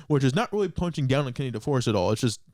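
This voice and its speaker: A young man talks quickly and tells a story in the animated, casual way of a podcast co-host. His voice sits at a middle pitch and is recorded close and dry, with no room sound around it. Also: dry recording. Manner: rapid, animated retelling with laughs.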